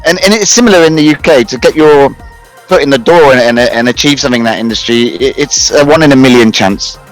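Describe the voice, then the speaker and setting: A British man in his thirties with a mid-range voice talks fast as a talk-show guest, telling his career story casually and ramblingly, full of restarts, fillers, and laughs at himself. Soft background music plays, and the audio is poor.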